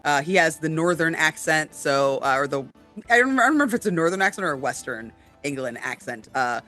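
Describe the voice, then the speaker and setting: A woman's voice: low-pitched, expressive, fairly quick, fairly bright tone, soft background music. A woman co-hosting a casual chat about tabletop games, with lots of fillers, often checking in with "right?". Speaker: podcast co-host.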